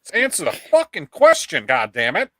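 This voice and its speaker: A man's voice: a little high, huge pitch swings, moderate pace, pushed and bright, no room sound. A man co-hosting a casual late-night podcast chat, sarcastic and cursing freely. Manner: sarcastic, swears a lot. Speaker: podcast co-host.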